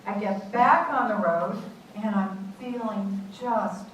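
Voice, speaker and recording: A woman in her eighties performing a one-woman theatre monologue, telling a road-trip story with animated, dramatic delivery. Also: mid-range voice, slow. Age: 80s. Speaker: solo stage performer. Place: theatre stage. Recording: roomy distant stage recording, faint noise.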